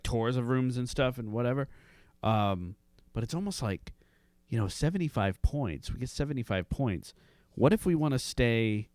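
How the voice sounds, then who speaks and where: A man's voice: medium pitch, dry recording, clean studio sound. Rambling, laughing man chatting. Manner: rambling, laughs often, many restarts. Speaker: podcast co-host. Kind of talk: casual chat.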